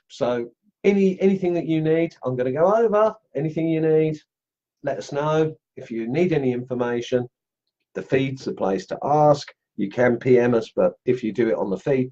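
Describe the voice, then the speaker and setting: A middle-aged man with a mellow, medium-pitched voice hosts a live stream for a carving group, and the sound is lo-fi. He chats casually and rambles, with many fillers and restarts.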